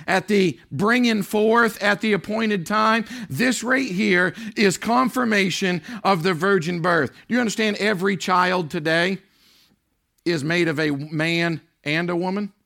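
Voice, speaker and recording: Male pastor preaching, bright sharp voice, stretches key words loud then drops low. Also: creaky. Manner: swings between loud drawn-out emphasis and low near-whispered lines. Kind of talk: sermon.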